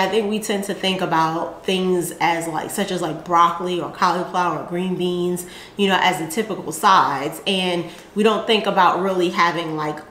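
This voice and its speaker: A woman's voice: lowish voice, a bit bright, echoey room, a little hiss or hum. A woman hosting a gardening channel, chatting casually and rambling with lots of fillers as she shows her seed packets. She speaks with a Southern American accent.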